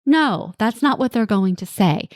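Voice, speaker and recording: A woman's voice: mid-range voice, expressive, measured pace, dry recording. Woman coaching parents, dry close mic. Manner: coaching, reassuring, acts out quotes from kids and parents. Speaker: podcast host and parenting coach. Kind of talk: solo podcast talk.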